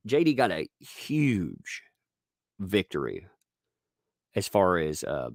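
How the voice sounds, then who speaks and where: A man's voice: low-pitched, wildly swooping pitch, takes it slowly, no echo, studio quality. A man with a Southern US accent, chatting casually on a live stream, rambling with restarts and frequent chuckles as he reads viewer tips.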